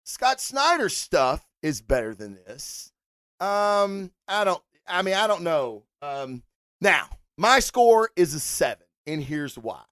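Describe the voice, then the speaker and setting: A man's voice: sits high, big pitch swings, slow pace, fairly bright tone, dry recording. A man hosting a comic review podcast, talking in a rambling, profane, casual way with lots of fillers and restarts. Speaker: podcast host.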